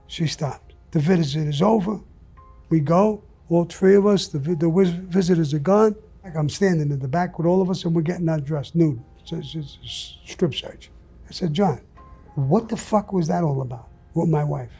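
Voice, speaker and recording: A man's voice: fairly high pitch, normal speed, warm tone, faint music behind. An older man telling stories as an interview guest, blunt and profane. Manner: blunt, profane, gravelly storytelling. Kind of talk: storytelling in an interview.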